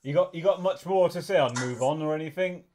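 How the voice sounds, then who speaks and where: A man's voice: a little high, fairly quick, a little mellow, slight background noise. A man co-hosting a podcast, joking wryly and swearing in casual banter. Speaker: podcast co-host.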